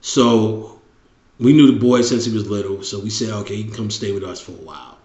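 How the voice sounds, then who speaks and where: A man's voice: on the low side, steady tone, brisk, dark tone. A middle-aged man hosting a show, talking in a blunt casual monologue with heavy swearing and repeated phrases. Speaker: show host. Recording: roomy, dull lo-fi recording.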